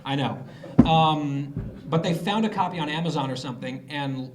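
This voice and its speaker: A man's voice: fairly high pitch, normal speed, heavy background noise. Sarcastic male commentator telling a story. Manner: sarcastic storytelling with mocking quoted voices. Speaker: political commentator giving a speech. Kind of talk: comic political speech to a live audience. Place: conference hall.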